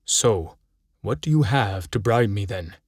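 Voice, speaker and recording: A man's voice: lowish voice, animated, a little slow, husky, dry recording, clean studio sound. A man voicing a crooked, greedy umpire with a bad back, groaning and stammering through his lines in a storybook reading. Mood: sly. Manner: groaning, pleading, stammering with fillers.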